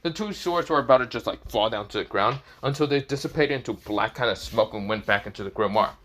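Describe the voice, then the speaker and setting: A man narrates a fan story off the cuff, circling back on himself with constant filler phrases. His voice is bright and forceful, with an ordinary, middling pitch. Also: quick pace. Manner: rambling, many fillers and restarts.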